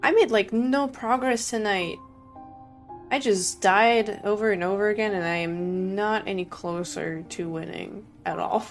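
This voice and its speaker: A woman's voice: medium pitch, measured pace, soft background music. A young woman streaming a game, chatting casually and sleepily with her chat, rambling with many fillers.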